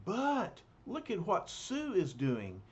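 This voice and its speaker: A man reads a comic book aloud at an unhurried pace, stopping on fillers. His pitch is lively and a bit raised. The recording is dull and lo-fi with a faint hiss. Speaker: reader.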